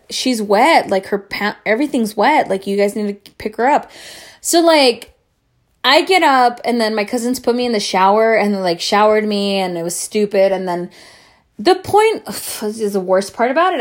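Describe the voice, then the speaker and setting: A young woman who grew up speaking tells a long personal story in a casual, animated way, swearing and acting out what others said. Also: fairly high pitch. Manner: animated, swearing, acts out quoted voices.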